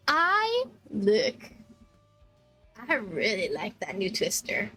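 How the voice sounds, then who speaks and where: A woman from Texas, streaming and telling an animated, swear-filled travel story with laughs. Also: mid-range voice, takes it slowly, long pauses, soft background music. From Texas, USA. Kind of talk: casual storytelling chat.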